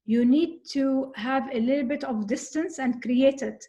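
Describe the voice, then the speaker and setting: A woman with a somewhat high-pitched voice talks through her thoughts in an easygoing conversation. She is earnest and reflective, often stopping on little fillers as she searches for words. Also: unhurried, warm tone. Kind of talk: casual conversation about coping with anxiety.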